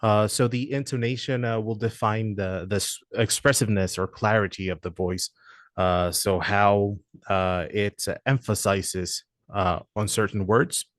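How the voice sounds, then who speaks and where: A man with a fairly low voice walks through software features in a halting way, stopping often on "uh" between phrases. The sound is dry and close, with little room in it. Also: steady tone, no room sound. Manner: hesitant, many "uh" fillers. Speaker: product presenter.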